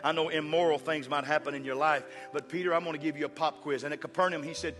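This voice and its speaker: A man's voice: a little high, fairly even intonation, fast talker, hardly any pauses. Man preaching over music in a reverberant hall. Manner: rhythmic, repetitive preaching cadence with call-outs. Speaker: pastor. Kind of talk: sermon. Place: church sanctuary. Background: instrument playing under the sermon.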